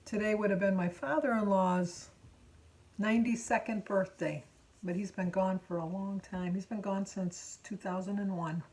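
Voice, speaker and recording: An older woman in her sixties, speaking at an ordinary middle pitch, talks casually to the camera about family memories. She wanders from one detail to the next and keeps pausing to correct herself mid-story. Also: fairly even intonation, darkish tone. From Michigan. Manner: rambling, self-correcting storyteller. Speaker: vlogger. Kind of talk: casual chat.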